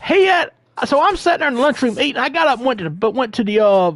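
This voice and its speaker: A man's voice: very high-pitched, big pitch swings, fast, a bit bright. A man in his thirties streaming a video game, telling a long story in a rambling way that repeats phrases and restarts sentences. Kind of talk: casual storytelling while gaming.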